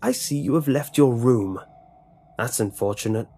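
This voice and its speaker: A man voicing a sinister older lunch lady who speaks in a calm, falsely polite way. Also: medium pitch, moderate pace, slightly rough, faint music behind. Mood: menacing.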